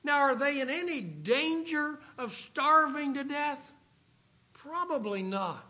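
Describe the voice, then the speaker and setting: A man preaching a sermon, reading scripture aloud and slowing down for emphasis. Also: very high-pitched, animated, sharp tone. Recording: dull lo-fi recording.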